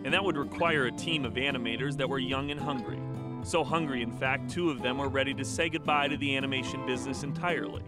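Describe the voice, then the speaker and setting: A man reads a scripted documentary narration in a measured, storytelling manner, with a middle-range voice. Loud guitar music plays under his words the whole time. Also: medium pitch.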